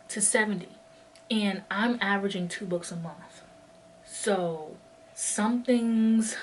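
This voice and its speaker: A woman's voice: fairly low pitch, a little hiss or hum. A young woman in her twenties vlogging while walking, chatting in a rambling way full of fillers, a bit out of breath. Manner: rambling, filler-heavy, lots of "like". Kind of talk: casual chat. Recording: distant mic with faint ambience.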